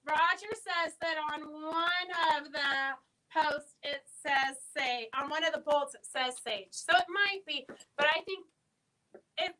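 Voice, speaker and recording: Chatty woman host, high and bright, reading viewer comments on a live sale. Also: low-quality recording. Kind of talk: casual live-stream sales chat.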